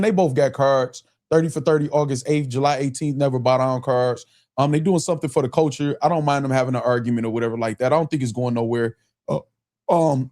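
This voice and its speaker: Hosting a live stream, this man talks in a fairly high, somewhat mellow voice. His commentary is relaxed and chatty, peppered with frequent laughter and readings from the chat.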